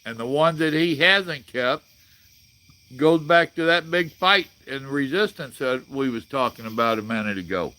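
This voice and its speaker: A man's voice: medium pitch, animated, measured pace, pushed and bright. A man, hosting a casual live chat and reading viewer comments in a blunt, folksy way. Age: 60s. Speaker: livestream host.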